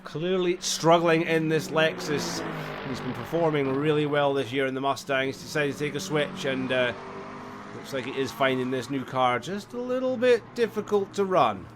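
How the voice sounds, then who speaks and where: Male race commentator, slightly high voice, tired but chatty, live stream with clear background noise. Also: moderate pace. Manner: chatty, apologetic, bursts into excited yelps. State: tired, yawning. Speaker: sim racing commentator.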